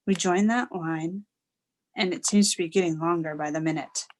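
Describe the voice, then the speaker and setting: A woman's voice: on the low side, fairly even intonation, normal speed, a little mellow. Woman reading a children's book aloud. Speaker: reader.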